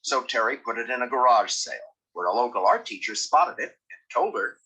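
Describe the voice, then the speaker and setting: Brief: male documentary narrator, bright and husky, lively pitch. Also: brisk, low-quality recording. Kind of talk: scripted narration.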